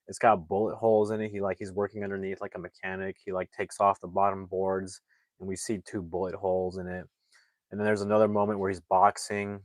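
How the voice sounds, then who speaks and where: A man's voice: fairly low pitch, no room sound. A man reviewing a movie, casually retelling the plot in a rambling way with lots of fillers and restarts.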